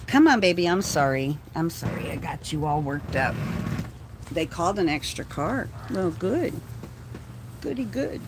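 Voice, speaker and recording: A woman's voice: low voice, big pitch swings, normal speed, background noise. A woman from Texas filming police from her car, with a mocking running commentary full of swearing. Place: inside a parked vehicle.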